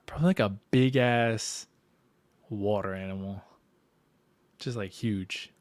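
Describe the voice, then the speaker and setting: A man's voice: lowish voice, slow, dry recording. A young man co-hosting a casual podcast, laid-back and joking. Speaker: podcast co-host. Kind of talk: casual chat.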